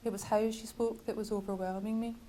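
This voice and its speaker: Woman, author reading her novel, measured, wry, mellow warm tone, faint background noise. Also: fairly high pitch, little pitch movement, rough recording. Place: bookshop reading event.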